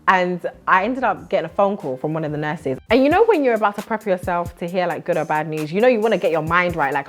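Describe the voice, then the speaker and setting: A young woman from Britain, a TV host, telling her story to camera in a lively, chatty way with lots of laughs. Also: fairly low pitch, fast talker, soft background music. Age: young adult. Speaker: vlogger and TV host.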